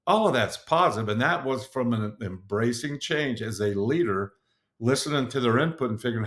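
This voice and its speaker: A man's voice: medium pitch, lively intonation, normal speed, a bit bright. A middle-aged man hosting a podcast, giving an earnest motivational solo talk with frequent fillers and restarts. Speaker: podcast host.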